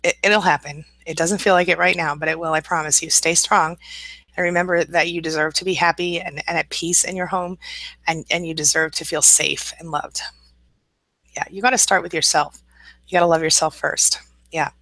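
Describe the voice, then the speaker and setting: A woman from the American Midwest hosting a casual live stream, reading viewer comments aloud and answering them in a warm, reassuring, chatty way with fillers and repeats. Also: low voice, fairly even intonation, moderate pace, dry recording, low-quality recording.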